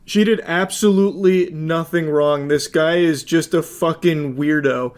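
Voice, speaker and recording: Guy in his 30s doing sarcastic cursing commentary on texts, bit higher voice, deadpan. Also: measured pace, few pauses, clean tone. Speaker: commentary host. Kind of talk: reacting to text messages with commentary.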